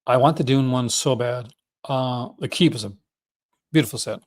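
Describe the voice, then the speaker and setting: A man's voice: mid-range voice, moderate pace. A man hosting a casual livestream, rambling enthusiastically and often correcting himself mid-sentence. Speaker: host.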